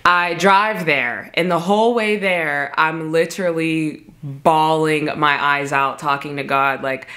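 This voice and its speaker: A woman with a notably low voice telling a personal story to camera. Casual and emphatic, she leans on "like" constantly. It is a close-mic storytime vlog. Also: steady tone, slow pace, bright, forceful tone. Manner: casual, emphatic, heavy filler "like". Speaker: vlogger.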